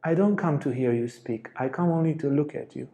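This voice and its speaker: A sharp, skeptical young man, blunt and defiant, in a mellow, warm tone that rings around a roomy, echoey space. A man puts him on mid-story. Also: medium pitch, brisk, gravelly, highs cut off, lightly acted. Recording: echoey room.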